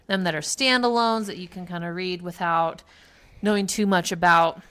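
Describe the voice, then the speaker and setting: A woman's voice: lowish voice, moderate pace, a bit bright, clean tone. A middle-aged woman chatting casually about books, rambling and correcting herself. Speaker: book reviewer, mother. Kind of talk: casual book chat.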